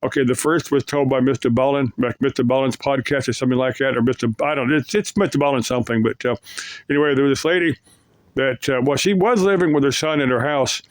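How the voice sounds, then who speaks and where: A man's voice: mid-range voice, steady tone, fast, no room sound. Rambling man retelling creepy stories. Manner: rambling, full of fillers and restarts. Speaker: storyteller.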